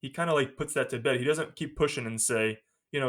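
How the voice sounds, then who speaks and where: A man hosting a podcast, retelling a movie scene by scene in a casual, animated way and laughing often. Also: mid-range voice, fast. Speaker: podcast host.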